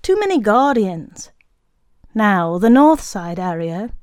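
A woman's voice: medium pitch, big pitch swings, takes it slowly, darkish tone, smooth, dry recording, studio quality. A woman reading a story aloud, voicing a bossy, scheming male creature who gives orders.

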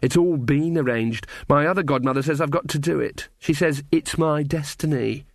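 Man reading as a blunt, guarded young woman, pitched up, dry close read. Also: moderate pace, no echo, lightly acted. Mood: defiant. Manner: blunt, firm. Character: guarded young woman, shy then defiant.

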